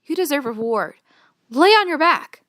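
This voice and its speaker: Woman putting on a bossy pony queen voice, stern and teasing, high and bright. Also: very animated, moderate pace, no echo, studio quality. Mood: commanding. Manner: stern and teasing, giving orders. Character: bossy commanding female pony princess.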